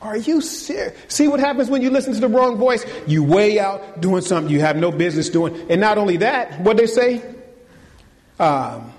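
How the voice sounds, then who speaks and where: High-voiced animated male preacher. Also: moderate pace, in a large hall. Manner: animated preaching with rhetorical questions; colloquial, addresses congregation as y'all. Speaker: pastor. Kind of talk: sermon. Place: church.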